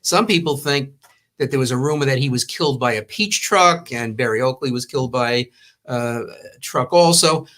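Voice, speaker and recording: An older man from Long Island, New York, once a magazine owner, spins long anecdotes in casual conversation and acts out the quotes. His voice sits at medium pitch and moves at a moderate pace. The storytelling is rambling and warm.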